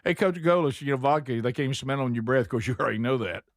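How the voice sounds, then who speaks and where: A man's voice: medium pitch, very fast, no echo. A man with a mid-range voice hosts a live radio talk show, chatting and teasing in an easygoing way. His voice is dry and close on the mic. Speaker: host. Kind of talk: casual radio show banter.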